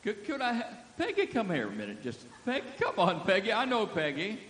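Lively, folksy male preacher in a hall. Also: high-pitched, brisk. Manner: folksy, joking, leads the crowd. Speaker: guest preacher. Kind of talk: sermon. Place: church hall with a stage. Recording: echoey hall.

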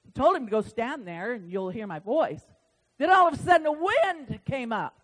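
A woman preacher with a high-pitched voice delivers a fervent sermon. She drops to a hush, then rises to full shouts, and she acts out dialogue with God as she goes. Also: expressive, moderate pace. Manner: impassioned, swings from hushed to shouting.

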